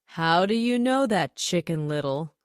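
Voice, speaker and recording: A woman voicing a fussy grown farmyard hen in a storybook, excited and pleading. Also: on the low side, a little slow, dry recording, studio quality.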